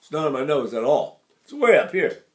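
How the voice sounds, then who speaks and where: Older male voice teacher, slightly high speaking voice, explains and demonstrates vowels. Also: big pitch swings, a little fast. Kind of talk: vocal technique lesson with sung demonstrations.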